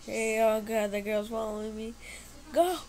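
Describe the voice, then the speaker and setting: A woman casually commentating her gameplay, excitably squealing, cheering and talking back at her opponents. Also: on the high side, measured pace, vocal fry, a little hiss or hum. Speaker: gamer commentating her play.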